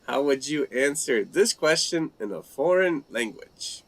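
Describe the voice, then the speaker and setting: Reading out comments from viewers, this host of a laid-back live language-learning chat stumbles through phrases in several languages. His pitch is on the high side, with lively intonation.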